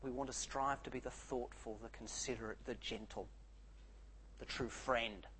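A man preaching a sermon, swinging between soft, quiet lines and loud, animated outbursts. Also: mid-range voice, normal speed, a little hiss or hum, rough recording.

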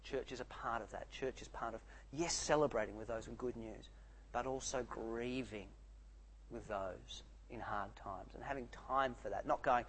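A man preaching a sermon, swinging between soft, quiet lines and loud, animated outbursts. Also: medium pitch, normal speed, slight background noise, rough recording.

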